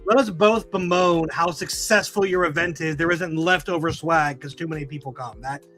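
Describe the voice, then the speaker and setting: A man's voice: on the high side, moderate pace, a bit bright, soft background music. A man hosting a casual podcast chat, telling rambling self-mocking stories full of fillers. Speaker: podcast host.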